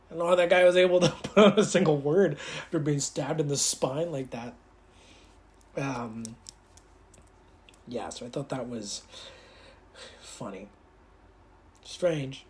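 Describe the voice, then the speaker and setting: A casual reviewer at a mid-range pitch talks through a TV episode in a loose, rambling way. The speech is full of fillers and quick laughs, with snatches of characters' lines acted out. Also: animated, a little mellow. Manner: rambling, filler-heavy, laughing while recapping; acts out characters' lines in quick put-on voices.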